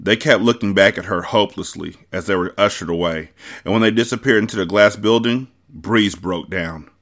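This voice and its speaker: For his book podcast, a low-voiced man reads a novel aloud. He narrates in a measured, expressive way, keeping the story moving at a steady pace.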